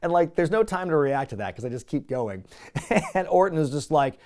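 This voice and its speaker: Recapping matches on his casual wrestling review show, this man's slightly high, darkish voice is expressive and moves at normal speed. His commentary is laced with wry asides and chuckles.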